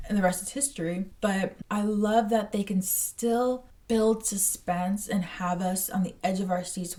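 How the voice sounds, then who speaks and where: Young woman, movie reaction, animated, blunt, swears a lot, mid pitch, a bit off-mic. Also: far from the mic. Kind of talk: casual movie reaction commentary.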